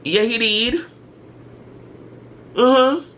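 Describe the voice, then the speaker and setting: A middle-aged woman chatting to the camera in a loose storytime vlog. She tells her stories in an animated, slangy way full of dramatic asides. A faint hum of ambient noise sits under her voice. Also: on the high side, extremely slow. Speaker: vlogger. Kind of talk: casual storytime chat to camera.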